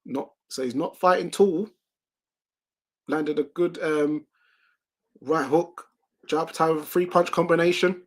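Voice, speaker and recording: A man with a slightly higher-pitched voice calls a boxing bout live as a watch-along host. He talks in quick, excitable play-by-play and breaks off to read viewer comments. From United Kingdom.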